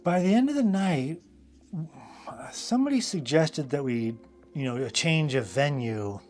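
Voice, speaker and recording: A man's voice: fairly high pitch, expressive, measured pace, a little mellow, soft background music. A man hosting a live drawing stream, telling casual stories in a loose, rambling way full of fillers and asides. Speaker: host and illustrator.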